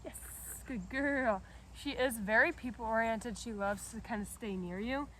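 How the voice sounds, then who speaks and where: Young woman dog trainer outside, kinda high voice, loud squeaky praise when calling the pup, faint dogs barking behind. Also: normal speed, slight background noise. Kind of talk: training demonstration with explanation. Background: other dogs barking.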